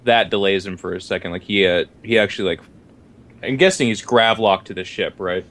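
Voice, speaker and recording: Low-voiced halting male player. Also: a bit bright. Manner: halting, stammering descriptions with swearing. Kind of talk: describing his character's actions in a tabletop game.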